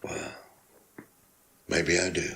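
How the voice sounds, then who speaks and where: A man's voice: extremely low pitch, very animated, slow pace, gravelly, background noise, exaggerated voice. An actor playing a condescending, evasive male teacher under suspicion, speaking in a video game. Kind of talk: full-motion video game acting.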